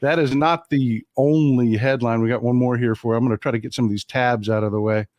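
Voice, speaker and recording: A man from Texas hosting a casual live-stream chat, talking in a joking, animated way. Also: medium pitch, fast, no echo, dull audio. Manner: chatty, joking, animated storytelling. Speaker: host.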